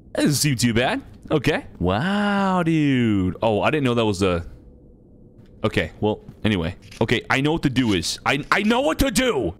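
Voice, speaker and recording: A young man commentating casually as he plays a game, excitable, swearing freely and laughing often, reading game text aloud. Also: medium pitch. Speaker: gaming streamer.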